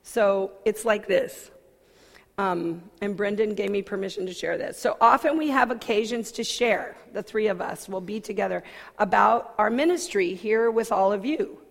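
A woman church minister giving a personal sermon talk, expressive and self-mocking, swinging from soft asides to loud outbursts. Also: medium pitch, moderate pace, gravelly. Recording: long hall reverb.

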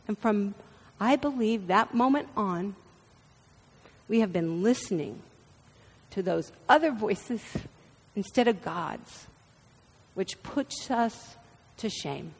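A woman in her fifties preaching a sermon, expressive and storytelling. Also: fairly high pitch, slow, pauses often, breathy edge. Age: 50s. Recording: reverberant hall.

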